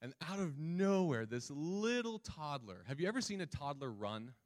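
A man's voice: a little high, big pitch swings, moderate pace. A man preaching a sermon, reading scripture and talking casually with the congregation, often asking them questions. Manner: conversational, asks the congregation questions. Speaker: pastor.

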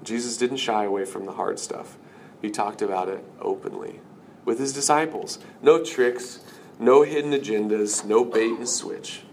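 A man's voice: mid-range voice, moderate pace, darkish tone, slight background noise. Conversational man preaching a sermon. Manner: conversational, emphatic. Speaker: pastor.

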